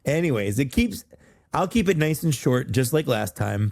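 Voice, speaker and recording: A man co-hosting a podcast in relaxed, casual chat, loose and full of fillers and restarts. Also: medium pitch, moderate pace, vocal fry, dry recording, studio quality. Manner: laid-back, loose, many fillers and restarts. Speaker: podcast co-host.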